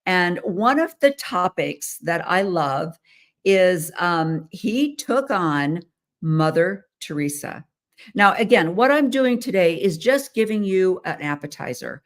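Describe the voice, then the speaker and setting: A woman's voice: on the low side, big pitch swings, slow pace. A middle-aged American woman hosting a casual, rambling monologue with frequent ums and little laughs. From United States. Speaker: host.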